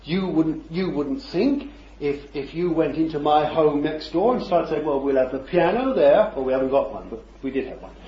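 A man preaches a sermon in a fairly high voice that leaps up and down with feeling. He keeps it conversational, throwing rhetorical questions at the congregation and chuckling along the way. The recording is dull and lo-fi, with a roomy echo. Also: animated, moderate pace, warm tone.

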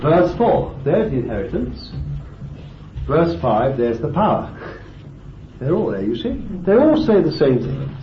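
A man preaching a fervent sermon, swinging from loud exclamations to hushed asides. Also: on the high side, very animated, a little slow, slight background noise. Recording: roomy, distant, dull lo-fi tape recording.

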